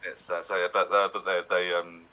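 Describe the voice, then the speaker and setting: A man's voice: deep voice, little pitch movement, fairly quick, sharp tone, poor audio. A man telling stories as a podcast guest, rambling with many fillers and restarts. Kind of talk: casual podcast chat.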